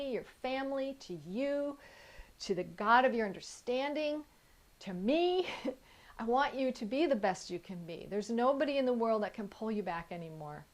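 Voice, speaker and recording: A woman life coach giving an earnest, encouraging talk straight to the viewer, sometimes stopping to correct what she writes. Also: medium pitch. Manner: writes on a board while talking, stops to correct herself. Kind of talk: motivational video talk.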